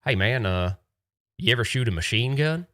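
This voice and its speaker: A man's voice: medium pitch, expressive, normal speed, a bit bright, no echo, clean studio sound, natural voice. A man voicing a laid-back rural male desert tour guide with easygoing, friendly sales patter.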